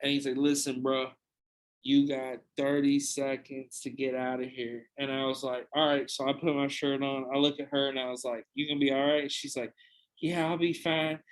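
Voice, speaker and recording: A man's voice: mid-range voice, flat delivery, moderate pace, poor audio. A young man hosting a podcast, telling a long anecdote in a casual, profane, rambling way with frequent restarts. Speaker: podcast host. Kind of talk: casual storytelling.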